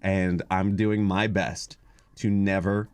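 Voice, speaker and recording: Low-ish guy rambling on his podcast, lots of ums and uhs. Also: level tone, takes it slowly, a little mellow, dry recording. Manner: rambling, hesitant with many fillers. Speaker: podcast host. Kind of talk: casual chat.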